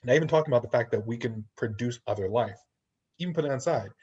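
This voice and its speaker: A man's voice: medium pitch, fast, a little mellow, husky. A man co-hosting a casual panel chat, talking in a reflective, philosophical way. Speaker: podcast co-host. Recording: lo-fi online call audio.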